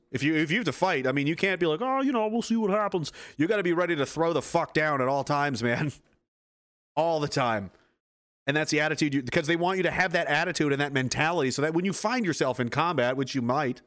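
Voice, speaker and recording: A man's voice: fairly high pitch, a bit bright. A man delivering a fierce, profane motivational rant, swearing freely and hammering his points with repetition.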